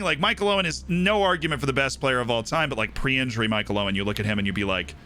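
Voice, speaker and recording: A man's voice: medium pitch, quick pace, bright, forceful tone, soft background music. A man streaming live, rambling through his opinions in casual chat and often checking in with "right?".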